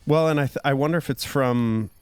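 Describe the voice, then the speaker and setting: A man's voice: mid-range voice, fairly quick, clear, resonant tone, dry recording. A man guesting on a podcast, curious and playful, joking around in casual chat.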